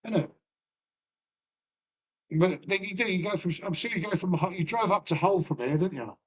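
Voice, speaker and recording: A man with a Lincolnshire accent chats loosely on his own live stream. His voice sits high for a man, and he rambles, swears and calls everyone mate. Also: normal speed, breathy edge. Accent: Lincolnshire English. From Lincolnshire, England. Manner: banters with chat, swears freely, trails off; folksy, peppered with "mate" and "innit". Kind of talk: casual live-stream chat.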